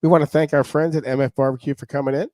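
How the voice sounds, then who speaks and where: A man hosting a local talk show, upbeat and promotional, tossing in quick quips between segments. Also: on the high side, steady tone, a little mellow, no echo.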